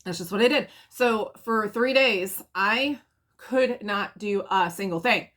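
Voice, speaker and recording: A woman's voice: mid-range voice, a little slow, fairly bright tone. A woman who founded a charity for single mothers, telling a personal story in a casual, conversational way with frequent fillers and restarts.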